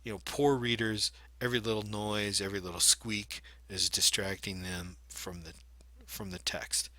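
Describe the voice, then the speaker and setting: A man teaches a reading lesson for video, explaining each point and sometimes showing it by reading aloud. His voice sits a little low but rings very bright and forceful. The recording is dry, with no room echo. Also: flat delivery, moderate pace.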